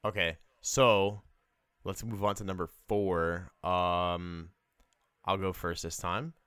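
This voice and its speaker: A young man co-hosting a casual movie chat, talking haltingly with many fillers and restarts. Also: sits low, little pitch movement, fairly bright tone, clear, resonant tone, no room sound. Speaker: podcast co-host.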